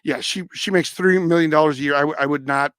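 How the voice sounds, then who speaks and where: A man with a somewhat high voice chats casually through a sports live stream, answering viewers and tripping over player names. The sound is dry and close, with no room around it. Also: fairly even intonation, fast, a bit bright, clean tone, no room sound. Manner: rambling, self-correcting, stumbles over player names. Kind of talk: casual live-stream chat reading comments.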